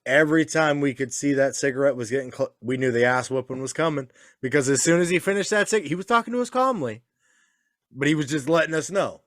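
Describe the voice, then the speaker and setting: A man's voice: fairly high pitch, lively intonation, fast talker, fairly bright tone, no echo, clean studio sound. A man in casual chat, a father telling crude stories with swearing and laughs. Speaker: podcast co-host, father.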